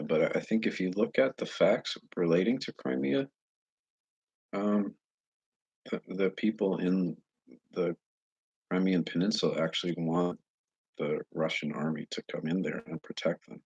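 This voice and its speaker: A man talking straight to his viewers in a casual monologue, earnest and halting as he searches for words. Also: deep voice, a little mellow, slightly rough, no room sound. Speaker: vlogger addressing viewers. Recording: dull lo-fi recording.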